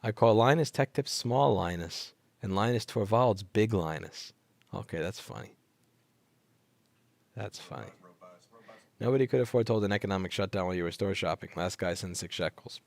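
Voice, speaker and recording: Sleepy, blunt man with a low voice. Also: moderate pace, vocal fry. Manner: blunt, sarcastic, swears, repeats himself for emphasis. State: sleepy, yawning. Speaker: livestream host reading viewer chat. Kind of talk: casual late-night livestream chat. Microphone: headset microphone.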